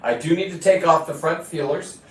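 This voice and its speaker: A man's voice: on the high side, fairly quick. A man casually chatting and joking as he cleans a lobster on a livestream. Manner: joking, rambling, laughs often. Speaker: fisherman vlogger. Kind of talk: casual livestream chat while processing a lobster. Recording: roomy distant audio.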